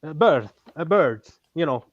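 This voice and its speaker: A man with a Finnish accent talking as a guest in casual chat, pausing often with fillers and restarts. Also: a little high, lively intonation, dry recording, lo-fi sound. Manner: halting, many fillers and restarts.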